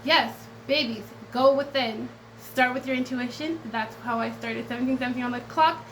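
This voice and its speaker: A woman's voice: high voice, steady tone, moderate pace, a bit bright, a little hiss or hum, poor audio. A woman tarot reader talking straight to her viewers in a casual vlog, blunt and profane, swinging between defiance and tenderness and close to tears at times.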